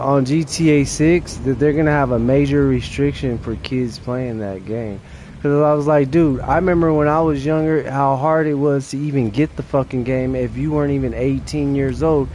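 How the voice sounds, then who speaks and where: A man's voice: medium pitch, mellow, slight background noise. A young adult man streaming a game late at night, chatting casually in a rambling, profane way with restarts.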